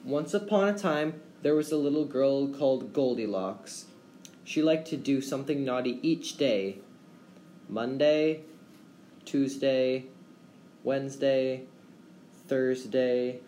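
A man's voice: mid-range voice, slow pace, long pauses, mellow. Man telling a bedtime story. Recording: roomy echo, faint background hum.

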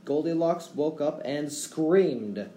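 A man reading a children's fairy tale aloud as a storyteller, with gentle, expressive delivery. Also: on the high side, slow pace. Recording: roomy echo, faint background hum.

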